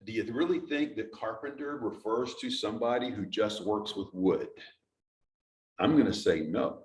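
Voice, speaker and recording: A man's voice: fairly low pitch, normal speed, darkish tone. A man giving an informal, conversational talk to a church audience, explaining as he goes and asking the listeners questions. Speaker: church speaker. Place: church sanctuary. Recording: echoey hall from a distance.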